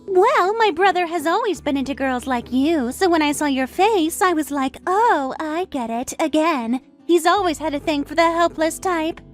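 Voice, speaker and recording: In a dramatized text-message story, a woman gives voice to a scornful, sneering young sister-in-law who is arrogant and condescending. She speaks high-pitched with lively intonation at normal speed and few pauses, while faint music plays.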